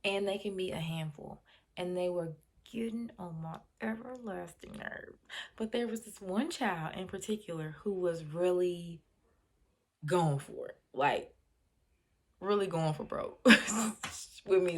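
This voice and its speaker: A woman hosting her own channel, telling a story in a casual, unhurried way and dropping to a soft near-whisper when quoting herself. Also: mid-range voice. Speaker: channel host.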